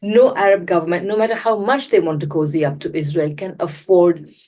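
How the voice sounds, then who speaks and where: A woman giving measured political commentary, explaining her points at length and often restarting a sentence. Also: fairly low pitch, steady tone, mellow. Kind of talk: analytical commentary.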